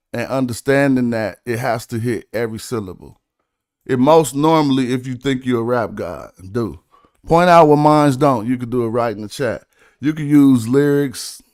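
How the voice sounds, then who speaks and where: In a casual livestream, a man with a medium-pitched voice chats about rap and study, using laid-back slang and breaking rhymes down syllable by syllable. The sound is clean studio quality with no room sound.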